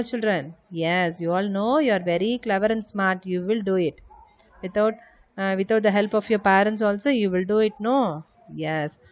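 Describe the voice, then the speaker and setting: A woman teacher with an Indian English accent, giving a lesson to small children, spelling out words letter by letter and answering her own questions. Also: medium pitch. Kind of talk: recorded class lesson for young children. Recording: slightly dull lo-fi audio.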